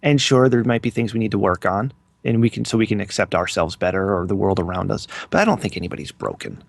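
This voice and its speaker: A man's voice: lowish voice, lively intonation, fast, creaky, no echo. A man co-hosting a podcast in easygoing, chatty conversation. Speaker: podcast co-host. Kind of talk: casual podcast chat.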